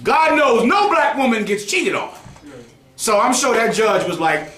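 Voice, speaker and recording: A man's voice: extremely high pitch, sing-song, unhurried, fairly bright tone, reverberant. A man preaching to a group in a heated, mocking way, swearing freely. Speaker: group teacher. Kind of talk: street preaching.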